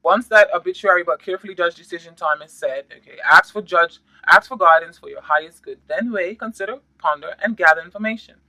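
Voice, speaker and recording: Playful man reading tarot, sharp bright voice. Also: high voice, fast talker, hardly any pauses, no echo, low-quality recording. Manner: playful and slangy, adds sound effects. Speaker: tarot reader.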